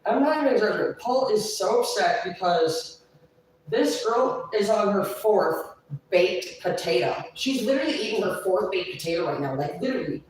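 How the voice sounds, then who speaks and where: A woman's voice: mid-range voice, lively intonation, normal speed, darkish tone, a little hiss or hum. A woman telling a long story on a livestream in a rambling, profane way, swearing constantly. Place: indoors, live stream. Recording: roomy echo, distant mic.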